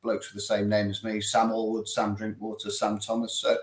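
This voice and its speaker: A man giving racing tips in a casual chat, joking with dry humour and filling his pauses with ums. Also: lowish voice, completely flat delivery. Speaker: racing tipster. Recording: roomy echo.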